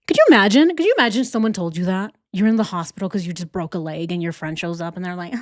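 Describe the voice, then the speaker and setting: A woman's voice: lowish voice, lively intonation, fast talker, no room sound, clean studio sound. A woman hosting a casual reaction commentary, indignant, firing off rhetorical questions and repeating herself. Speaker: reaction channel host.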